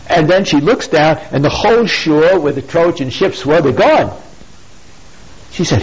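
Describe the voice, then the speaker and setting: Male speaker telling a story with a moral, husky and slightly high voice, lots of "you see?" asides, lo-fi dull audio. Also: expressive, a little slow. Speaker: pro-life speaker. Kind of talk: informal moral talk, retelling a classic story. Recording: dull lo-fi recording.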